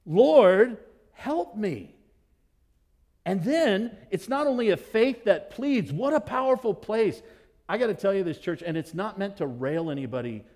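A male pastor preaching a sermon to his church, animated and emphatic, with dramatic pauses. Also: high-pitched.

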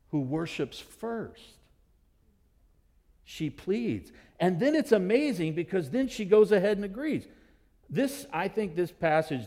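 A male pastor preaching a sermon to his church, animated and emphatic, with dramatic pauses. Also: fairly high pitch.

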